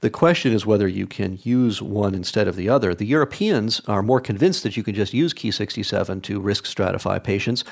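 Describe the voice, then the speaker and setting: A man answering interview questions as an oncology expert, explaining in a measured, technical way. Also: on the low side, expressive, creaky. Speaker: oncologist guest.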